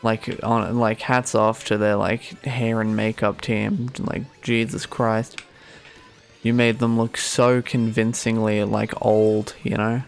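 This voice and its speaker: A man's voice: fairly low pitch, little pitch movement, slow pace, gravelly, soft background music. A young Australian man streaming a game, rambling sarcastically with many fillers. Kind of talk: casual gaming commentary.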